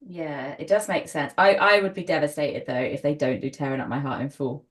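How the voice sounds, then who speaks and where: A woman's voice: deep voice, a little fast. A British woman hosting a fan podcast, enthusiastic and steering the chat with questions. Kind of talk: casual chat.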